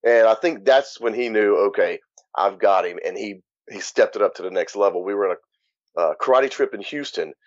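In a candid interview, a Louisiana-born author speaks as a guest, recounting his story frankly and bluntly at a fairly quick pace. His voice is lowish, captured in a dull, dry, lo-fi recording without room sound.

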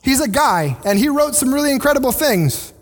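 Extremely high-pitched, with big pitch swings and a slightly fast pace, a male pastor preaches conversationally in a church sanctuary. He regularly restarts sentences and plays out the voices of those he quotes.

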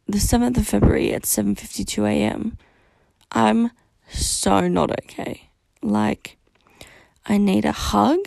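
A woman's voice: medium pitch, vocal fry, darkish tone, dry recording. A young woman hosting a solo podcast, talking candidly and rawly about her feelings, venting and swearing often. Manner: raw, venting, frequent swearing. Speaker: podcast host.

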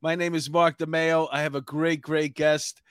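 A man's voice: fairly high pitch, flat delivery, moderate pace, clean tone, no room sound, studio quality. A middle-aged man with a New York accent, hosting a casual chat show and rambling with many fillers. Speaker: podcast host.

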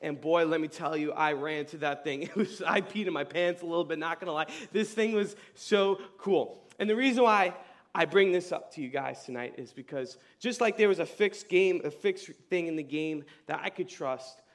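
A young man preaching a casual youth sermon, telling stories in slang with a voice that leaps up high and loud. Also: normal speed. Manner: animated storyteller, casual slang, voice jumps high and loud in retold scenes. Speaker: youth pastor.

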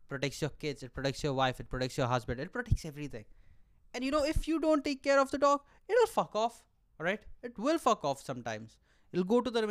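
A man's voice: mid-range voice, smooth. A man hosting his own podcast, delivering a comic, profanity-filled rant and checking in with the listener with repeated asides. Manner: profane, exaggerated ranting with frequent "all right?" asides. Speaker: podcast host and aspiring stand-up comedian.

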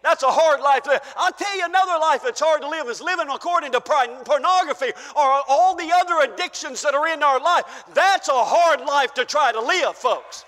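An older man preaching a fervent sermon as pastor in a church, shouting praise and then dropping to a hush. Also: very high voice, normal speed, few pauses. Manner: shouting, exclaiming hallelujah, swinging between loud and soft. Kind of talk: pentecostal sermon. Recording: church hall reverb.

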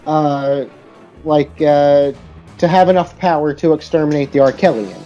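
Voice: medium pitch, moderate pace, mellow, soft background music. A podcast co-host in a casual movie chat who questions the plot hesitantly. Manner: skeptical, hesitant with fillers. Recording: dull lo-fi sound.

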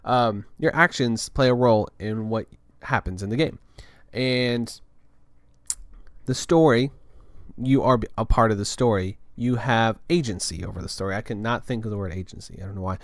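A man's voice: lowish voice, moderate pace, no echo. A young adult man hosting a podcast in a casual, rambling monologue full of fillers and restarts. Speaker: podcast host.

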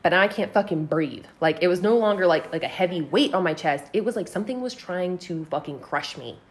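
A woman's voice: fairly low pitch, brisk. A woman telling a personal story on a casual podcast, swearing freely and filling her talk with "like". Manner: profane, animated, heavy use of "like".

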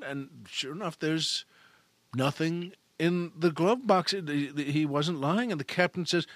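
A man's voice: fairly high pitch, takes it slowly, dry recording. A man hosting a show, telling a joke in a chatty, folksy, self-amused way. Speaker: radio host. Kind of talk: casual storytelling monologue.

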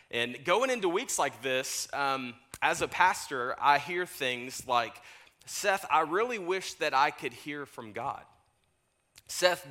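Young male pastor, bright tone, animated sermon storyteller, preaching in a church. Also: medium pitch. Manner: animated storytelling, laughs at own jokes. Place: church sanctuary.

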